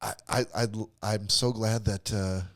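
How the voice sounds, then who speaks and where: A man's voice: lowish voice, fairly even intonation, a little slow, dry recording, studio quality. A man co-hosting a podcast, trading rambling, teasing jokes in casual comedic banter. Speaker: podcast co-host.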